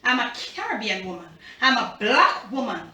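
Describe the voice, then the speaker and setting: A middle-aged Jamaican woman talks straight to her viewers in a casual cooking vlog, chatty and emphatic. Her voice sits fairly high and bright. She is recorded in a roomy, echoey home kitchen, a bit back from the mic. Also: sing-song, normal speed, far from the mic. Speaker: cooking channel host.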